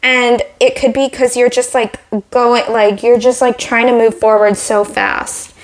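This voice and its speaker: A woman's voice: fairly high pitch, flat delivery, a little slow. A woman giving a casual tarot reading, slightly out of breath, rambling with lots of "like" and restarts. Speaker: tarot reader.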